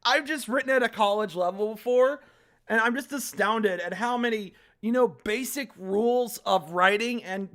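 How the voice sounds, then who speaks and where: A woman streamer ranting about the game she plays, with a bright, sharp tone that cuts through. She talks at an unhurried pace, dwelling on each word when she gets worked up, and swears freely. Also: medium pitch. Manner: ranting, exasperated, quick to swear; reads game text aloud in a flat voice. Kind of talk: live-streamed game playthrough with commentary.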